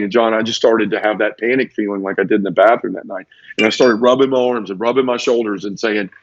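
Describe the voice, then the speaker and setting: A man with a lowish, steady voice speaks quickly as a podcast guest, sharing his personal testimony in an emotional, repetitive way and acting out sound effects. There's no echo, and the podcast audio is dull and lo-fi.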